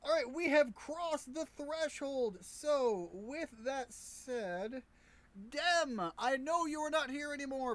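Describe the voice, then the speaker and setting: A man's voice: very high voice, fairly bright tone. An American man streaming a game, chatting casually in a rambling, joking, self-mocking way. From United States. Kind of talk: casual gameplay commentary.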